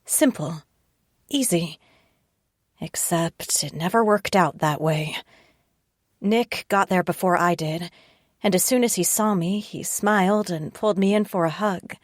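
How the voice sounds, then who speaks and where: A woman's voice: fairly low pitch, measured pace, long pauses, dry recording. A woman reading a first-person audiobook narration with a tense, wry inner voice, close to a studio mic.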